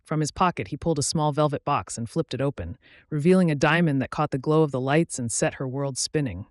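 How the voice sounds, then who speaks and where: A man narrating a romance audiobook in a soft, intimate, unhurried way on a close studio mic. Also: on the high side, dry recording.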